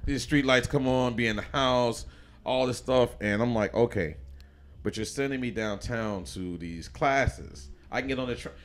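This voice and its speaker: A podcast guest from Chicago, USA, speaks in a mid-range voice at normal speed. He tells his life story in a casual interview, loose and rambling, with many restarts and fillers.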